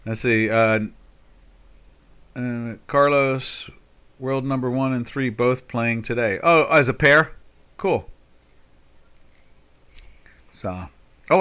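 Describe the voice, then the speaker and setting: An older man in his sixties talks through currency charts live in a rambling, folksy way, with sarcastic asides about governments. His voice is bright and forceful, at an ordinary middle pitch for a man. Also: slow, long pauses, clean tone. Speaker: market commentator. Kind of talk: live trading commentary.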